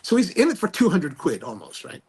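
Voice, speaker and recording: A male podcast host telling a story in a casual, animated way, full of slang and restarts. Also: high voice, fairly quick, slightly rough.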